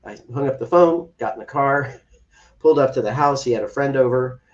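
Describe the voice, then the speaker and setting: A man's voice: medium pitch, a little fast. Man telling a story from a distance. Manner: animated storyteller who acts out quoted dialogue. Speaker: foster dad guest. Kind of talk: personal storytelling in a podcast interview. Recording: distant, dull lo-fi sound.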